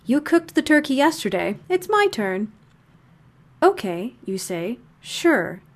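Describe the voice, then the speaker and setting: A woman voicing a cheerful, macabre monster who hosts a fictional radio broadcast from under the bed, with a measured announcer delivery full of morbid relish. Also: a little high, big pitch swings, exaggerated voice. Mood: hushed storytelling.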